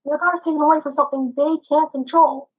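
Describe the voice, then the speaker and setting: A young woman with a slightly rough voice, giving a frustrated, earnest consumer testimonial in answer to questions. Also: high-pitched, steady tone, quick pace, rough recording. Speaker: customer giving a review.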